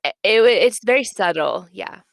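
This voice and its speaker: Chatty woman with a gravelly voice. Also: mid-range voice, lively intonation, normal speed, no room sound, clean studio sound. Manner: chatty, filler-heavy, emphatic. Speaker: podcast co-host. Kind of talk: casual book chat.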